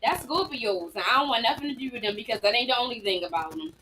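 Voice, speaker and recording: A woman with a Baltimore accent, a guest on a casual live-stream chat, playful and boastful and quick to laugh. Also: on the high side, animated, pushed and bright, low-quality recording.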